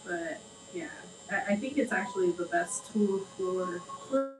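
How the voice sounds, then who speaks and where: A woman's voice: fairly low pitch, a little slow, over music. A woman talking in a laid-back, blunt way and swearing freely during a casual chat. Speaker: tattoo artist and show host. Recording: echoey room, far from mic, faint ambience.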